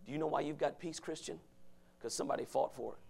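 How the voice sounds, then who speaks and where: A man preaching a fiery sermon from the pulpit, dropping to low murmurs and then rising to shouts. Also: quick pace, gravelly. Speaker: pastor.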